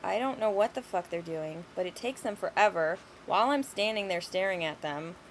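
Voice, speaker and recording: A woman's voice: medium pitch, lively intonation, moderate pace, slight background noise, poor audio. Sweary young woman ranting casually. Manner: blunt, sweary, exasperated storytelling. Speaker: vlogger.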